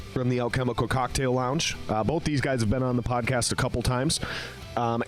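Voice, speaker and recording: Man, podcast host, profane, joking, medium pitch, faint music. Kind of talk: casual podcast intro and read ad.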